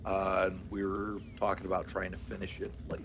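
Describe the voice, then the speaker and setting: A man's voice: low-pitched, monotone, a little fast. A man chatting hesitantly with many fillers while organizing a group in a gaming voice chat. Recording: noisy game voice chat.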